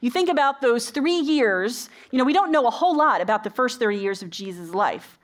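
A woman's voice: a little high, lively intonation, a little fast. A woman preaching a sermon in a conversational, storytelling way, asking the congregation rhetorical questions.

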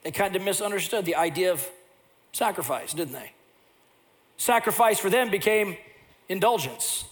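A man's voice: high voice, moderate pace, long pauses. An older man preaching a sermon as pastor, telling the story vividly and acting out its scenes. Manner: animated storyteller who acts out scenes.

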